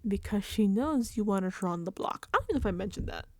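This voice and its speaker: A woman's voice: mid-range voice, expressive, fast talker, mellow, no room sound. A woman giving casual, rambling recap commentary on a reality show, exasperated and swearing freely.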